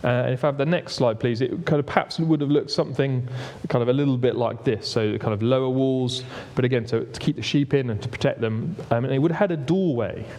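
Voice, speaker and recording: A man's voice: medium pitch, quick pace, hardly any pauses, darkish tone. A man giving a conversational sermon in a church hall, often restarting phrases and asking for the next slide. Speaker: preacher. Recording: long reverb of a hall.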